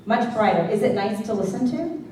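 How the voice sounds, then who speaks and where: A woman's voice: on the high side, animated, fairly quick, mellow, distant mic. A woman teaching a singing class as vocal coach, chatty and checking in with the class often, with sung demonstrations. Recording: echoey classroom recorded from afar.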